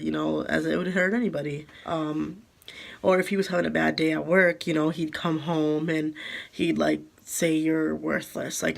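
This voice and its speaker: Young woman with a gravelly, halting voice. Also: low-pitched. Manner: halting, many fillers like "um" and "like". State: emotional, holding back tears. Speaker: vlogger. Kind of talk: storytime vlog.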